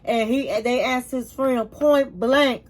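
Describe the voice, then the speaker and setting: A woman's voice: a little high, slow. A woman giving a casual, chatty recap of a reality show. She tells the story with emphatic repetition and calls her viewers honey. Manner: emphatic repetition when reacting.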